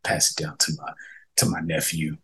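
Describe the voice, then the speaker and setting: A young man hosting a casual gaming podcast, reading out viewer comments with slangy, animated reactions and frequent laughs. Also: a bass voice, moderate pace, rough recording. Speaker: podcast host.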